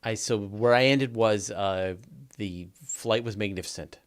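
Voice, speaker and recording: A man with a Canadian accent co-hosting a podcast, talking casually and relaxed, often restarting phrases. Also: fairly low pitch, measured pace. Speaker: podcast co-host. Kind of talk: casual chat.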